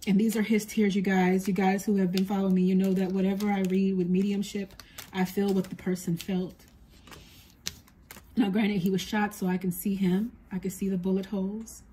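A woman psychic medium giving a spoken reading to her viewers, talking softly and earnestly as she relays what a spirit tells her. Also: mid-range voice, flat delivery, normal speed, a little hiss or hum.

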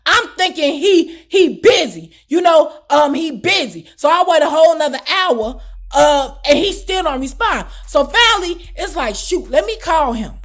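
A woman with a high voice tells a personal story straight to camera. She talks casually, with loud, exclamatory bursts and plenty of swearing. Her delivery stays animated the whole way through. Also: moderate pace. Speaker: storytime vlogger.

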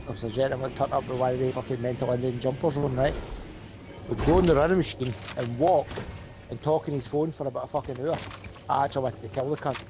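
A man's voice: mid-range voice, steady tone, fast, music in the background. A man in casual game chat with friends, chatty and ranting, swearing often. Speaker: gamer.

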